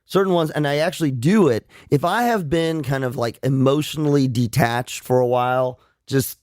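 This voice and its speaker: A man's voice: mid-range voice, moderate pace, a little mellow, dry recording, studio quality. A man, a psychologist co-hosting a radio show, speaking candidly and self-deprecatingly with frequent restarts. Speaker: psychologist co-host. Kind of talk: casual radio chat.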